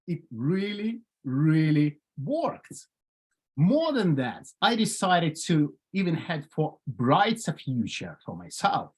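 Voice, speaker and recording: A man from Ukraine with a Ukrainian accent, giving a chatty, humorous prepared speech over a video call. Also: a little high. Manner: chatty, with many fillers. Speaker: club speaker.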